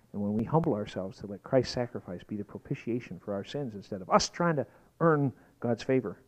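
Man, pastor, sermon, lively rising and falling pitch, emphatic preaching. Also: poor audio. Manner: lively, emphatic preaching that rises to shouted exclamations.

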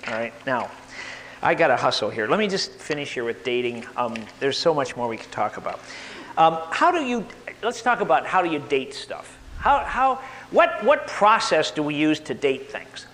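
A man giving an animated lecture to a live audience, asking them questions and getting worked up. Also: a little high, moderate pace, big-room sound, a little hiss or hum. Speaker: speaker at a live talk.

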